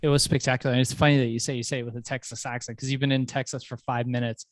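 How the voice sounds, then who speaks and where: A male podcast host in casual, upbeat chat, telling lively stories and reading a sponsor message. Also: medium pitch, rapid-fire, no room sound, clean studio sound. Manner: upbeat, laughing, animated storyteller.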